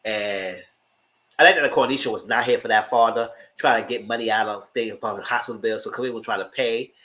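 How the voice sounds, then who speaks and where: A TV show reviewer giving a casual recap, animated and laughing, acting out the characters in squealing high voices. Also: a little fast. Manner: laughs through the story.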